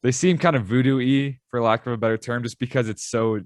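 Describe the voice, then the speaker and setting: A man hosting a podcast, chatting relaxed and thinking aloud in a conversational interview. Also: mid-range voice, a little fast, no room sound, studio quality. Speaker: podcast host.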